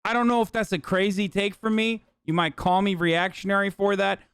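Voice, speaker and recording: A man's voice: high-pitched, level tone, a little fast, a bit bright, clean tone, no echo. A man streaming casual reaction commentary, blunt and profane, talking into a close mic. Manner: blunt and profane, with mock accents.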